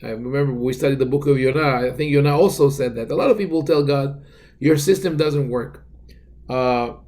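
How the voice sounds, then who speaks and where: A man teaching a relaxed Torah lesson as a rabbi, talking conversationally with many fillers and restarts, reciting Hebrew verses and adding dry joking asides. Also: medium pitch, fast. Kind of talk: casual Torah class.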